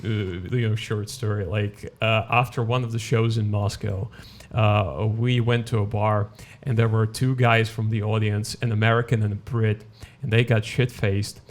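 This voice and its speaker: A man with a Russian accent, a podcast guest chatting casually, often pausing and restarting as he goes. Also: lowish voice, steady tone. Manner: hesitant, many fillers and restarts, laughs while telling. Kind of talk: casual chat.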